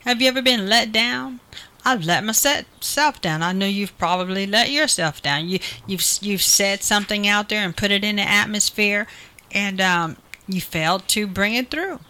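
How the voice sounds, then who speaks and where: A woman's voice: medium pitch, moderate pace, sharp tone. A woman preaching a sermon, earnest and repetitive, building emphasis through quoted promises.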